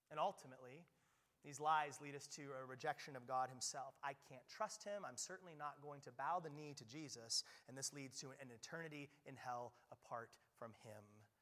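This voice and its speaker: A man preaching a sermon as pastor, energetic and firing questions at the congregation. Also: on the high side. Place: church hall. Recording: reverberant church hall.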